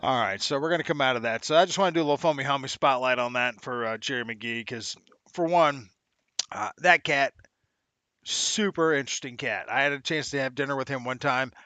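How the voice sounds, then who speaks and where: A man hosts a casual livestream show in an upbeat, chatty way, laughing often and using slang. His voice is medium-pitched with a sharp tone, and there's no echo.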